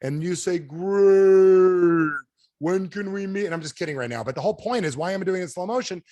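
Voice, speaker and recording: A man running a sales training over a video call, animated, firing questions at his audience and acting out quotes in a higher voice. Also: very fast. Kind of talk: energetic coaching talk.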